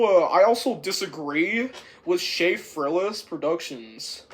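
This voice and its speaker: A man giving a rambling, casual movie review, halting and restarting with lots of fillers and repeated words. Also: high voice, expressive.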